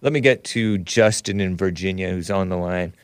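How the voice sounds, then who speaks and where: A man's voice: deep voice, normal speed, noisy background. A man hosting a live call-in stream, reading viewer messages in casual talk, often laughing, sighing and groaning in disgust. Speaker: show host reading super chats.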